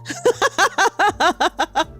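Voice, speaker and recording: A woman's voice: very high voice, lively intonation, drawn-out words, a bit bright, faint music behind. A young woman streamer giving casual gameplay commentary, playful and giggly, reading game dialogue aloud for her chat.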